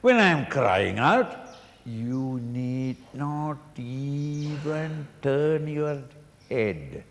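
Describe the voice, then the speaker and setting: An older man giving a slow spiritual discourse, acting out pleading cries and chuckling as he explains a hymn. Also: medium pitch, sing-song. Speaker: swami teaching a Sanskrit hymn. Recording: reverberant hall, faint noise.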